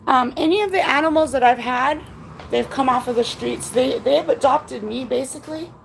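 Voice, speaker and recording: A woman talks to her viewers from home in a high voice with a gravelly edge. She rambles through her feelings, swears freely and sounds close to tears. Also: moderate pace, a little hiss or hum, low-quality recording. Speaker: vlogger. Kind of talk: casual chat to viewers. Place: at home indoors.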